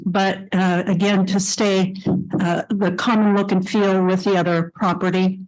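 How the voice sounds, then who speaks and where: A woman on the council giving measured remarks at a public meeting, with many fillers. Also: mid-range voice, level tone, low-quality recording.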